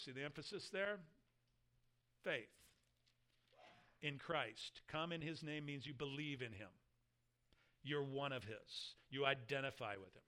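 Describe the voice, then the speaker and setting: A man's voice: mid-range voice, takes it slowly, pauses often, pushed and bright. A man preaching a sermon, explaining scripture verse by verse and reading passages aloud with earnest emphasis. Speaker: pastor.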